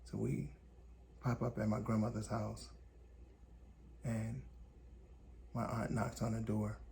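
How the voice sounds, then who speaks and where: A man from Indiana hosting a podcast, telling a personal story in calm, deliberate, short measured phrases. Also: fairly low pitch, vocal fry, a little hiss or hum. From Gary, Indiana, USA. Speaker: podcast host. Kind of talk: reflective personal storytelling monologue.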